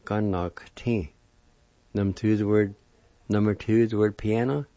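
A man giving a language lesson, spelling out words and slowly sounding out their syllables, repeating each one. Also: lowish voice, steady tone, mellow, dry recording, lo-fi sound. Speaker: language teacher. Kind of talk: slow word-by-word pronunciation lesson.

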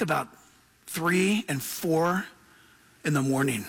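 A man preaching a sermon as pastor, telling stories with laughing, animated asides. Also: a little high, slow pace, husky.

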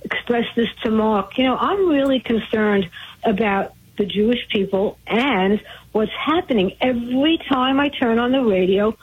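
A woman's voice: on the high side, moderate pace, husky. A woman from Brooklyn calling in to a radio show, chatty and earnest. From Brooklyn, New York. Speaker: caller. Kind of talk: call-in radio caller. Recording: phone line.

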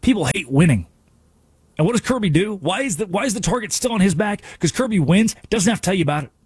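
A male sports radio host delivering an animated, sarcastic rant from a studio. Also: high voice, quick pace, husky, no room sound. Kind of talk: sports talk radio monologue.

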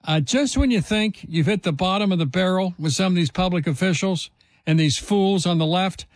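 A man's voice: high-pitched, normal speed, dry recording. A man hosting a talk radio show, delivering an indignant, emphatic monologue full of rhetorical questions.

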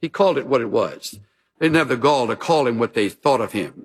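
A man preaching a sermon, telling stories with folksy humor and animated emphasis. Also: medium pitch, a little fast, husky. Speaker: pastor.

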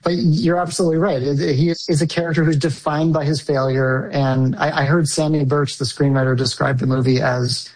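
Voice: mid-range voice, little pitch movement, fairly quick, hardly any pauses, darkish tone, poor audio. A filmmaker answering interview questions thoughtfully, often restarting and searching for words.

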